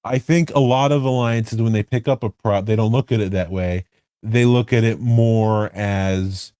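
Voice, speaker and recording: A man's voice: lowish voice, fairly even intonation, normal speed, mellow, clear, resonant tone, no echo. A man hosting a casual podcast, rambling and correcting himself as he builds his points with rhetorical questions. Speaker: podcast host. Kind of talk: casual podcast chat about online game politics.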